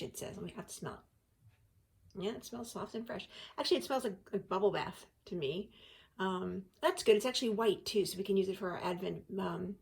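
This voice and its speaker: A woman's voice: medium pitch, normal speed, creaky, a little mellow. A woman hosting a casual unboxing chat, talkative and giggly as she thinks aloud. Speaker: host.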